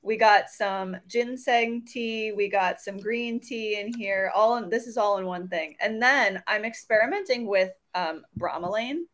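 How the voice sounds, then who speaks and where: A woman's voice: medium pitch, unhurried, hardly any pauses, a bit bright. A woman co-hosting a podcast in casual chat, talkative and laughing often. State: congested nose. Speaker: podcast co-host.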